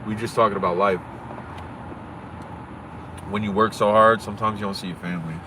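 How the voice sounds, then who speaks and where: A man from Pennsylvania talking fast and profanely on a casual livestream, swaggering and rambling, recorded on a phone outdoors. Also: on the low side, steady tone, background noise.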